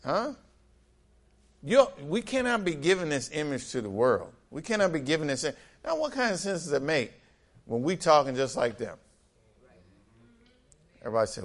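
Man preaching with lively call-and-response. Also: on the high side, moderate pace, long pauses. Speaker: pastor. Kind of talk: sermon.

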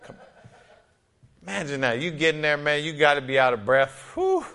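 Bright-voiced, animated male preacher. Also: a little high, a little fast, clear, resonant tone. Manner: lively and conversational, acting out quotes. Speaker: pastor. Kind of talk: sermon.

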